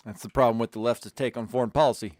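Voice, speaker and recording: A man's voice: medium pitch, steady tone, fast, a little mellow, dry recording, clean studio sound. A man co-hosting a casual political podcast, backing his partner up with wry side comments. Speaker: podcast co-host.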